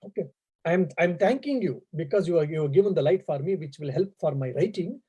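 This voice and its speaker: An earnest, absent-minded old scholar, courteous and formal even when he scolds, as a lecturer acts him out. The voice sits fairly high, with a mellow, husky tone. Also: a little fast, dull audio. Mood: puzzled, stern. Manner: polite, apologetic, formal.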